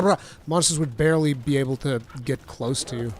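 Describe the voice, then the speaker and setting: A man's voice: mid-range voice, a little fast. A man streaming a game, chatting casually and thinking aloud as he plays. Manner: thanks chat viewers warmly. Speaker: gaming streamer. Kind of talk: casual let's-play commentary.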